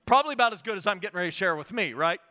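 A middle-aged man preaching a sermon in a church auditorium, with a high, bright, ringing voice. He tells his story in an animated way and acts out his own talks with God. The long reverb of a big hall trails after every phrase. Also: racing. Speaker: guest speaker.

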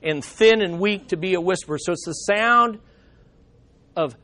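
A man's voice: high voice, measured pace, sharp tone. A man teaching a Bible study lesson in a conversational way, with dry humorous asides and frequent restarts.

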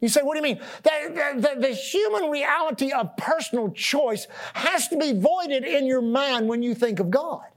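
Pastor guy preaching, asks the crowd stuff, repeats himself a lot, swings loud then soft. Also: extremely high pitch, normal speed, hardly any pauses. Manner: animated preaching with call-and-response questions; repeats and restarts words, rising and dropping loudness. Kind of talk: sermon.

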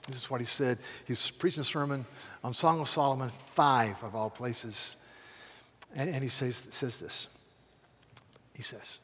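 A man preaching a sermon with passion, swinging between loud calls and hushed, pleading lines. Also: mid-range voice, measured pace, husky, in a large hall. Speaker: pastor.

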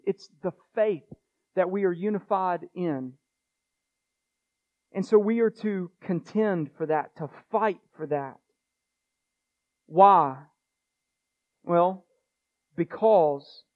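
A man's voice: high voice, muffled recording. A man pastor preaching a sermon in an earnest way, repeating phrases and restarting himself as he presses his points.

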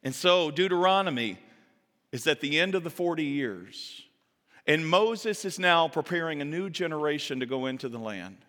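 A man preaching a sermon as pastor, telling scripture stories in a chatty, animated way and acting out the voices he quotes. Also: fairly high pitch, normal speed. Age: adult parent. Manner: casual, chatty asides to the audience. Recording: reverberant hall.

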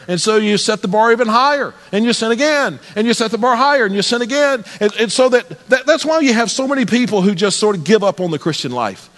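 A man's voice: high-pitched, fairly bright tone, big-room sound. A man preaching a sermon as pastor, earnest, often repeating and restarting his words as he builds each point. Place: church sanctuary.

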